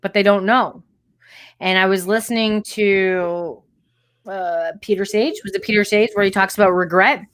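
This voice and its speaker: A woman's voice: mid-range voice, steady tone, normal speed, fairly bright tone. A woman co-hosting a podcast, sharing stories and reflections in casual chat. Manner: chatty, reflective storytelling. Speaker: podcast co-host.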